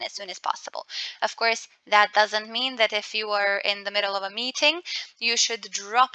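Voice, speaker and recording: Woman coach running a webinar, bright crisp voice, dry close sound. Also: a little high, no echo, rough recording. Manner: explains by example, asks the group questions. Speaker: communication coach. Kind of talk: webinar teaching.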